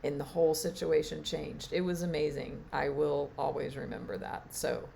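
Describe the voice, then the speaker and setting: A woman teacher giving a reflective spiritual talk on a live stream, halting and trailing off with fillers. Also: low-pitched, level tone, creaky, mellow, slight background noise. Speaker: meditation and Reiki teacher.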